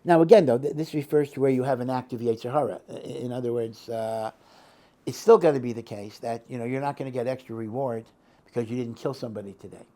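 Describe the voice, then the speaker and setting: A man's voice: mid-range voice, fast talker. An older man teaching a rabbinic class in a loose, storytelling way, often restarting his sentences and mixing in Hebrew and Yiddish terms. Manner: acts out a loud, shouting old rabbi in quotes. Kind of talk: informal Torah lecture with stories.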